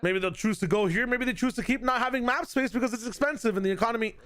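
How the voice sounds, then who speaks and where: A man's voice: very high-pitched, fast, a bit bright. A young man co-casting a match on stream, joking sarcastically and swearing casually. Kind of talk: casual costream commentary.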